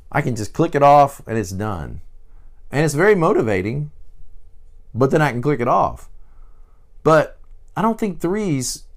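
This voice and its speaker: A man teaching in a conversational, digressive way, with frequent asides and fillers. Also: mid-range voice. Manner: animated, digressive, many fillers.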